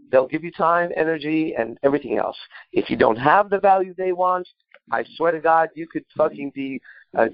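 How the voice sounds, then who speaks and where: A man's voice: fairly high pitch, dry recording, highs cut off. A man coaching on dating in a casual talk, telling stories with heavy swearing and emphasis. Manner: profane, emphatic storytelling.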